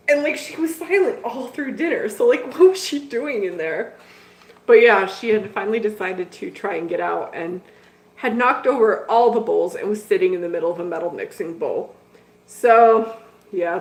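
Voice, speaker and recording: A middle-aged woman, host of a hobby channel, chatting casually with viewers as she tells a story, laughing often. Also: a little high. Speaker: betta fish channel host. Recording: echoey room.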